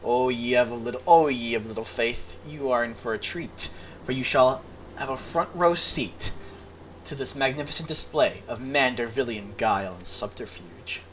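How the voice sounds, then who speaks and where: A woman voicing a pompous, flamboyant gentleman adventurer in a video game, with grand, theatrical diction. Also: a bass voice, moderate pace, a little hiss or hum. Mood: grandiose. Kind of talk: reading game dialogue aloud.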